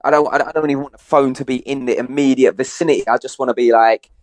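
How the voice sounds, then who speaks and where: A man's voice: mid-range voice, fast talker, no echo. A young man from England, co-hosting a podcast, telling stories with lots of slang and swearing. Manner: animated storyteller, heavy slang and swearing. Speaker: podcast co-host. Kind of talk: casual chat.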